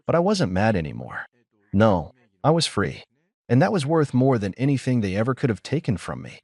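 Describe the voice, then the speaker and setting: A man narrating a dramatic first-person story in a cool, measured, dryly triumphant way. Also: medium pitch, big pitch swings, a little mellow, no room sound, clean studio sound.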